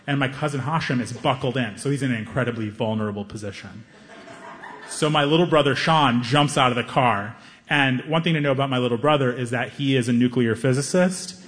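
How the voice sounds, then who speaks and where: A young man doing stand-up comedy, telling a story with animated delivery and acting out the people in it. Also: mid-range voice, fairly quick, big-room sound.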